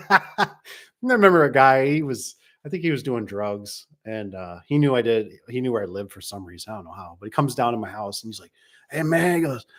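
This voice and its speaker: A man's voice: on the low side, fast, few pauses, darkish tone. A middle-aged man who owns a garage door company, talking casually in a rambling way and acting out the people he quotes. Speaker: garage door business owner. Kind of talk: casual monologue reading comments.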